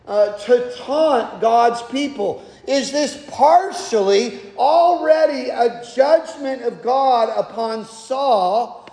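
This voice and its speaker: A man's voice: very high voice, dark tone. A man preaching an expository sermon in a conversational way, often restarting and repeating words. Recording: echoey hall, long reverb.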